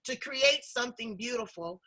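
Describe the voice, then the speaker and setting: A woman's voice: fairly high pitch, lively intonation, moderate pace, pushed and bright, low-quality recording. A woman hosting an interview show, enthusiastic and full of compliments for her guest. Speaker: host.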